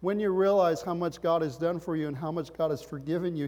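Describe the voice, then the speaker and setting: A man preaching a sermon as pastor, impassioned, swinging from loud emphatic lines to quiet earnest ones. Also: on the high side, a little fast, long reverb tail.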